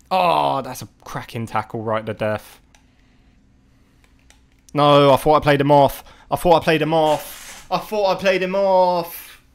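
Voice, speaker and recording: A man giving live gameplay commentary to his chat, often exasperated and swearing in loud outbursts. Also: a little high, clean tone. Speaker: gaming video creator.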